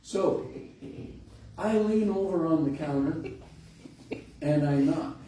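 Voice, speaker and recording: A man's voice: on the high side, takes it slowly, dark tone. A middle-aged man pastor telling a folksy, conversational story during a sermon in a large church. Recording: echoey hall, distant mic, faint hiss.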